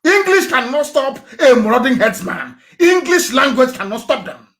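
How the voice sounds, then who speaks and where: A man giving a confrontational live broadcast speech. He swings between shouting and low, intense delivery and repeats phrases for emphasis. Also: very animated, moderate pace. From Nigeria. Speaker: broadcaster addressing listeners.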